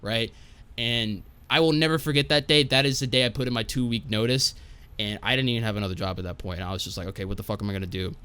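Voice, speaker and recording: A young man tells a long, casual story as a podcast guest. He swears freely and rambles on, checking in with his listeners with a quick "right?" as he goes. His pitch sits in a plain middle range. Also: pushed and bright, clean tone. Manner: profane, rambling, tags lines with "right?".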